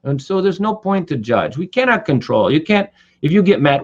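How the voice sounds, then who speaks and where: A man's voice: on the high side, moderate pace, noisy background. Guy giving a webinar class on natural remedies, chatty, lots of you know, bit muffled. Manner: conversational, frequent "you know" fillers, animated storytelling. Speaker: Ayurvedic doctor and herbalist teaching a class. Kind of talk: online webinar lecture.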